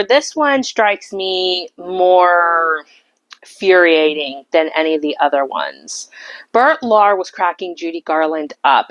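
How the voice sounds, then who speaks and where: A woman talks through a classic film in a chatty, opinionated way. Her voice sits low, and the recording is dry and close. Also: no echo, rough recording. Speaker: film reviewer. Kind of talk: casual movie review.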